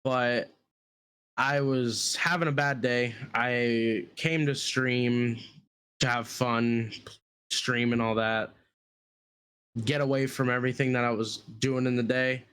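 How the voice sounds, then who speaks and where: A man in a casual podcast chat, talking earnestly with a middle-pitched voice. He halts often and restarts his phrases as he thinks. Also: fairly even intonation, takes it slowly, a bit bright, clear, resonant tone. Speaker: streamer and podcast co-host.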